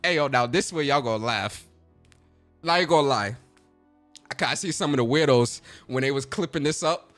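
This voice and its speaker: A man hosting a casual reaction video, talking in excitable slang and laughing a lot. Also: medium pitch, normal speed, long pauses, faint music behind. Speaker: host.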